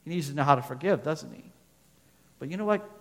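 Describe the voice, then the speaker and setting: A man with a voice on the higher side delivers a sermon, turning often to his listeners with questions and reading scripture aloud. His words ring out with a long reverb, as in a large hall. He moves between louder, emphatic stretches and quieter ones. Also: animated, fast talker. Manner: asks the listeners questions, reads scripture aloud, loudness rises and falls. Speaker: preacher.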